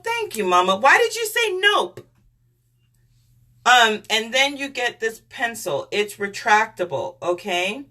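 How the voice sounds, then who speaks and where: A woman's voice: medium pitch, sharp tone. A woman chatting on a live stream, gushing as she shows makeup products and greets viewers by name.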